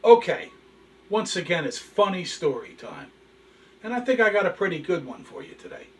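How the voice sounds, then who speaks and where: Folksy guy host telling silly jokes, kinda high voice, sits a bit far from the mic. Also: sing-song, normal speed, a bit bright. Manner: folksy, chatty storytelling. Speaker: show host. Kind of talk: telling jokes and showing collectibles. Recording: distant from the mic.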